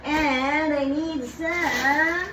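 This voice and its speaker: Middle-aged woman, home cooking vlogger, unhurried and chatty, noisy kitchen with chopping behind her. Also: high voice, steady tone. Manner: chatty, meandering, repeats herself. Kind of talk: casual cooking vlog. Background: chopping and pan sounds.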